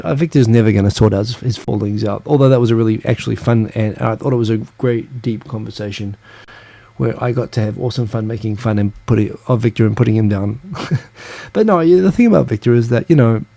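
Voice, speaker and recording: Gravelly New man, chatty host. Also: mid-range voice, warm tone. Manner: rambling and chatty, with frequent fillers and asides. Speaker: live-stream host. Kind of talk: casual live-stream chat reading viewer comments.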